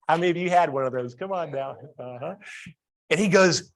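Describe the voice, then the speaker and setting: A man's voice: fairly high pitch, a little fast. A man giving a storytelling keynote at a workplace training session, often asking the audience questions. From Columbus, Ohio.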